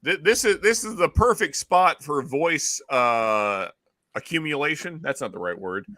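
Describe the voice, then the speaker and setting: A man's voice: a little high, lively intonation, a little slow, pushed and bright, dry recording. A man hosting a casual whiskey stream, rambling and joking with stumbling restarts, close to his mic. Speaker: whiskey show host. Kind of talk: casual chat on a live stream.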